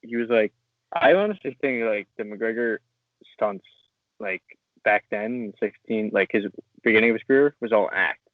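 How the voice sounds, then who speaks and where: A man co-hosting a casual sports podcast, excitable and laughing often as he reads posts aloud. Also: lowish voice, normal speed, no room sound. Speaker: podcast co-host. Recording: dry, tinny phone-like sound.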